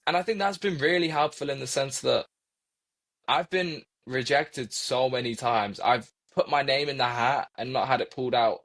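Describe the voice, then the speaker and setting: A man's voice: mid-range voice, moderate pace, a bit bright. A young man from England with a Coventry accent, a guest in an interview, talking earnestly and often repeating words as he thinks aloud. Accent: Coventry English. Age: young adult. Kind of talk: reflective interview conversation.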